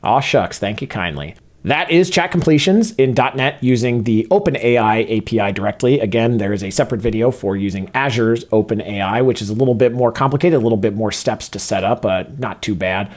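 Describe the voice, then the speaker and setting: A man walking through a coding tutorial step by step in a relaxed, casual way, with frequent filler uhs as he narrates what he types. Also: mid-range voice, a little fast, few pauses. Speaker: software developer teaching a coding tutorial. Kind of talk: screen-recorded coding walkthrough.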